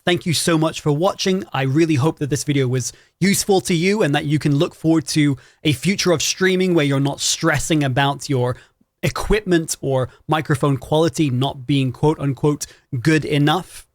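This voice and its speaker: A man hosting a tutorial on microphone quality for live streaming, explaining clearly and demonstrating his voice at different volumes. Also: on the high side, dry recording. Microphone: studio microphone with processing.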